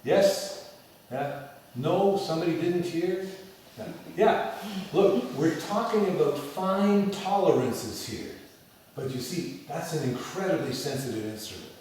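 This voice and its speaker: A man teaching piano in a lecture and demo lesson before an audience, talking in an animated way and singing phrases as da da da. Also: a little high, unhurried, a little hiss or hum. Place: large echoey hall with an audience. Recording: echoey hall from far off. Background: piano playing.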